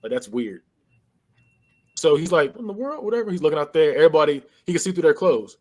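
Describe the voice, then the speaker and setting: A man with a slightly high voice talks fast while recapping a movie on a podcast in casual conversation. His telling is animated, full of acted-out character lines and laughs.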